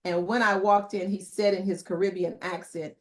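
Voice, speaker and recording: A middle-aged woman, a podcast guest, recalling memories in a reflective storytelling manner with many pauses and fillers. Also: medium pitch, steady tone, slight background noise. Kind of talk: conversational interview testimony.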